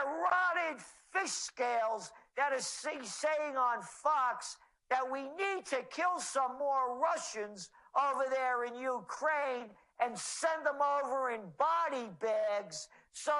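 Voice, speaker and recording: A man's voice: very high voice, animated, takes it slowly, bright, forceful tone, rough recording. A man speaking as an interview guest, ranting in a sarcastic way.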